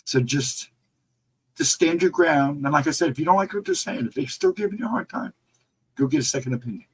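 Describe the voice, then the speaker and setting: A middle-aged man hosting a casual livestream, reading the chat and answering viewers in a relaxed, reassuring way. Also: on the high side, fairly quick, a little hiss or hum, poor audio. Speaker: livestream host.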